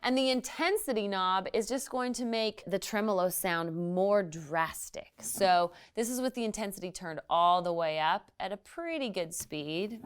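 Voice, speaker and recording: A woman's voice: medium pitch, normal speed, hardly any pauses. Woman teaching guitar tone, casual. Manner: relaxed, friendly explaining with small restarts. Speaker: guest guitar instructor. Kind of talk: casual guitar lesson demo. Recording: loud guitar music between lines.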